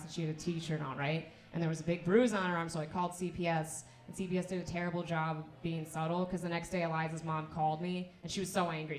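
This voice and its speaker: Woman, stand-up comedian, deadpan dark humor, echoey club stage. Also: lowish voice. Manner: deadpan dark jokes, laughs at own lines. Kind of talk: stand-up set.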